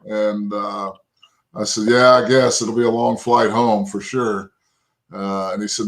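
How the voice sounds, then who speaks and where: A man's voice: lowish voice, fairly even intonation, unhurried, vocal fry, poor audio. Folksy storytelling man from Texas. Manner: folksy, rambling anecdotes with frequent "right?" and "you know". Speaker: guest, former pro football lineman. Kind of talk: interview storytelling.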